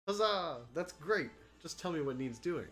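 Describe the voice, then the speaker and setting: A man voicing a brash young female knight in a pushy, pleading falsetto. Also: sing-song, moderate pace, a bit bright, soft background music. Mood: cheerful.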